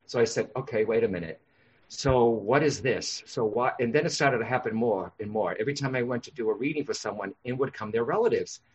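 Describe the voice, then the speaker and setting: Husky-voiced man telling stories. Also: mid-range voice, quick pace, few pauses. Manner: animated, acts out voices in anecdotes. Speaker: guest, psychic medium. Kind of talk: storytelling in a podcast interview. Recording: dull lo-fi sound.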